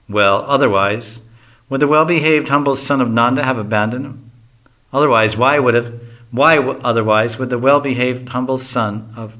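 A man's voice: medium pitch, sharp tone, natural voice. A man voicing a witty, sarcastic young cowherd girl who taunts.

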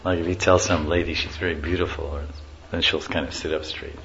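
A spiritual teacher gives an informal lecture in a bass voice that is a bit bright, with a flat delivery, slightly quick pace and vocal fry. He tells stories, chuckles, and acts out the quotes. The recording is muffled and lo-fi, with a faint hiss.

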